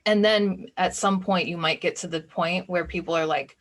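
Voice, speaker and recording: A woman with a slightly low voice teaches a recorded masterclass as a coach. She talks casually and chattily, with frequent "like" fillers. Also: normal speed. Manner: chatty, informal, many "like" fillers. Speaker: business and spiritual coach.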